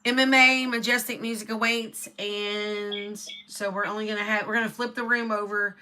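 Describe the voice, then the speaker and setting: A middle-aged woman, chatting casually and laughing often, dropping soft when she reflects. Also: medium pitch, flat delivery, moderate pace. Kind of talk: casual chat.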